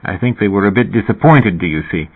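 A man's voice: fairly low pitch, expressive, fast talker, slightly rough. A man voicing a genial, amused male musician with a slight British accent and a twinkling, lilting manner. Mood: chatty. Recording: tinny phone-like audio.

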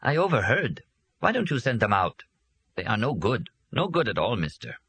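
A man's voice: fairly low pitch, wildly swooping pitch, normal speed, a bit bright, slightly rough, pitched above the performer's own voice, exaggerated voice. A man voicing a sly, disdainful alien servant in a storybook reading, with formal, clipped speech.

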